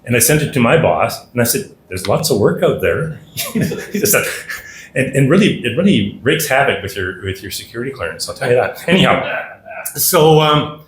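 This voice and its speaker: A middle-aged man from Canada giving a talk at a dinner, telling lively anecdotes and acting out the dialogue. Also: mid-range voice, normal speed, slight background noise. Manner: anecdotal, animated, acts out dialogue. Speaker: guest speaker. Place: dinner hall. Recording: echoey room with faint ambience.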